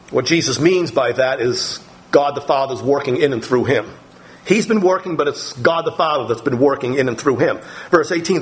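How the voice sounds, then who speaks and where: A middle-aged pastor preaching a sermon, teaching from the Bible in a slow, deliberate way with pauses and fillers. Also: male voice, medium pitch, low-quality recording.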